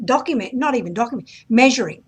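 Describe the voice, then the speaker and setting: A woman's voice: a little high, animated, fast, slightly rough. A woman hosting an interview, supportive and often agreeing with her guest. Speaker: host. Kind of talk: interview conversation.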